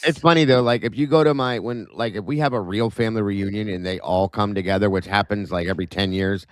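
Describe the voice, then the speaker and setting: A man hosting a live stream chat, telling animated family stories. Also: fairly low pitch, quick pace, clear, resonant tone, dry recording. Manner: animated storyteller, mimics relatives' voices. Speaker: host. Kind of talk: casual chat. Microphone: live stream mic.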